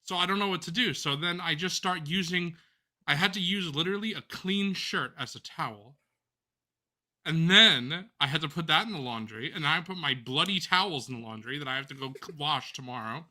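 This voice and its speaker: A man with a very bright, ringing voice and a fairly high pitch tells a long story on a live stream. He talks in a casual, animated and profane way. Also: a little fast. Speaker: co-host.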